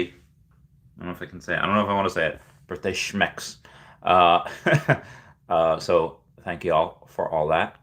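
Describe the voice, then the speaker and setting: A young man with a very low voice that still carries a bright, forceful edge hosts a casual livestream. He rambles loosely, thanks viewers, and reads their comments aloud, filling pauses with plenty of ums and uhs. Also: creaky. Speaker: livestream host.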